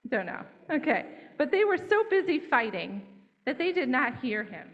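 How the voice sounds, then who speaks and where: A woman's voice: high voice, very animated, moderate pace, muffled recording. Woman telling a children's story. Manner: gentle, interactive, invites children to join in. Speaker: church storyteller.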